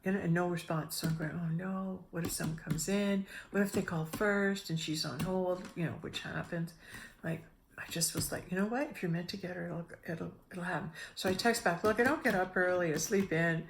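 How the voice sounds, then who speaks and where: Gravelly middle-aged woman telling a story. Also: fairly low pitch, a little fast, hardly any pauses, slight background noise. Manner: animated, restarts often, acts out her own inner voices. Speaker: spiritual speaker. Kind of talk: casual spiritual storytelling.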